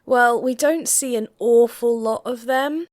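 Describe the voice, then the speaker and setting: A woman co-hosting a casual reality TV reaction chat, recapping scenes in a measured, observant way. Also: a little high, a little mellow.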